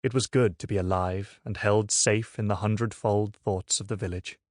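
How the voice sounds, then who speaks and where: Male audiobook reader, lowish voice, measured and steady, dry booth sound. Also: dry recording. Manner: measured, even storytelling. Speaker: audiobook narrator. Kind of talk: scripted narration. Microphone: studio microphone.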